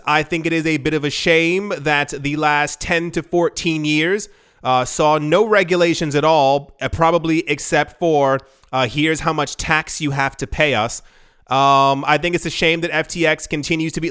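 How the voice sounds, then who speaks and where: Excitable, sarcastic man hosting news commentary. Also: a little high, moderate pace, smooth. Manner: excitable, sarcastic, says "like" often. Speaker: show host.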